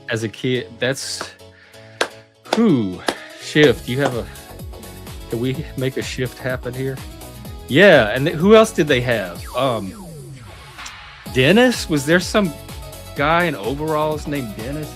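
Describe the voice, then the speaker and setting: A middle-aged man hosting his channel, reminiscing in a chatty, rambling way that often breaks off mid-sentence. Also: mid-range voice. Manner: rambling, self-interrupting, chatty. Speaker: channel host. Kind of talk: casual reminiscing monologue.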